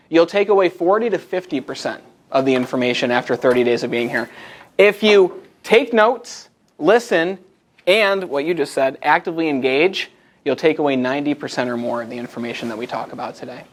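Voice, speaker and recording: Energetic young man giving a talk. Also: a little high, brisk. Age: 20s. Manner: energetic storytelling with lively asides to the audience. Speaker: motivational speaker. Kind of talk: live presentation to a group. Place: meeting room in front of a live group.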